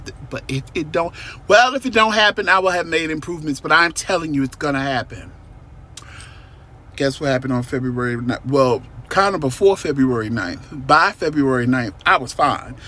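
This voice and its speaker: A man's voice: mid-range voice, slight background noise. A man telling a personal story to his viewers in a casual, emphatic vlog from a parked car. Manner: animated, emphatic, talks to viewers directly. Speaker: vlogger.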